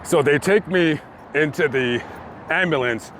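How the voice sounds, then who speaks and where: A man vlogging outdoors by a busy street, telling a story with lively acted-out quotes. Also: fairly high pitch, a little slow. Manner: animated storytelling, acting out quotes. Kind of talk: storytime vlog told on location. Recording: faint street noise outdoors. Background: passing traffic.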